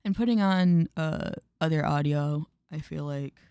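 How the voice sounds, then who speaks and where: A relaxed woman streamer chats over a story game at home, quietly amused and casually crude. Her voice sits low and mellow. The sound is close and dry from a desk mic. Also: unhurried, clean tone, no room sound, lo-fi sound. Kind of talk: casual let's-play chat.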